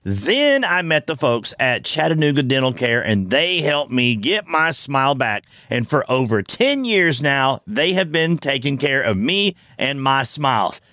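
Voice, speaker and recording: A man's voice: medium pitch, big pitch swings, unhurried, few pauses, bright, forceful tone, no room sound, studio quality. A man giving a friendly, personal testimonial in a radio ad. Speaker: ad spokesman.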